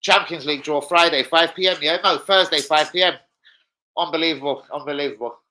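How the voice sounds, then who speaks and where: A man's voice: on the high side, brisk, pushed and bright, low-quality recording. A man chatting live to viewers about football, with sweary, blunt banter. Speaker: football fan streamer. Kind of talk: casual live-stream chat.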